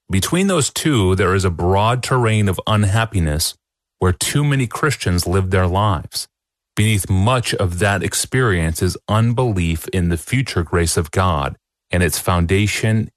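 A man hosting a podcast, reading out a listener's question in a measured, earnest way. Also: deep voice, no echo, clean studio sound. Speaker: podcast host.

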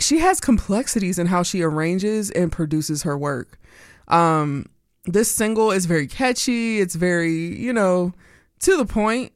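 A woman's voice: fairly low pitch, no echo. Chatty woman dj on the radio, rambly and giggly, dead dry studio mic. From Pennsylvania, US. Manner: bubbly, chatty, rambling, laughs often. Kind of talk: casual radio show chat.

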